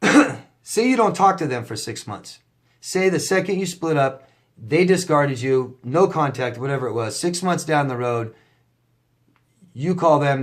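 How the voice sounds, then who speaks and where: A man coaching viewers in a casual monologue, animated and profane, rising to near-shouting emphasis. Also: a little high.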